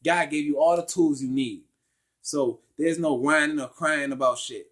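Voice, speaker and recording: A man's voice: on the high side, normal speed. Blunt, profane man preaching casually. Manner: emphatic, rising to loud outbursts. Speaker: spiritual vlogger. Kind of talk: casual spoken monologue.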